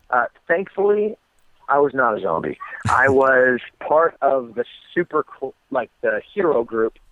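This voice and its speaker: A man's voice: medium pitch, unhurried, dry recording. American man on a tinny phone line. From United States. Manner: relaxed storytelling with many ums and restarts. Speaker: guest fighter. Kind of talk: phone interview.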